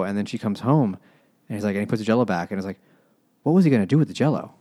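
A man co-hosting a casual book-club podcast, retelling the plot in a relaxed way with quoted asides. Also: on the low side, fairly quick, dry recording, studio quality. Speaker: podcast co-host.

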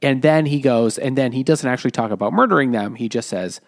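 A man's voice: mid-range voice, fast talker, hardly any pauses. A man co-hosting a comedic book podcast, casually and earnestly summarizing and paraphrasing what he read. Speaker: podcast co-host.

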